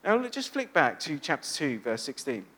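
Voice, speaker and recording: A man preaching a sermon, animated and asking his listeners rhetorical questions. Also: on the high side, moderate pace, husky.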